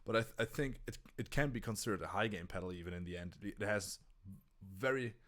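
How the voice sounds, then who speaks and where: A man's voice: lowish voice, a little fast, fairly bright tone. A man with a German accent co-hosting a casual live stream about guitar gear, talking with many restarts and stammers. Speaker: co-host.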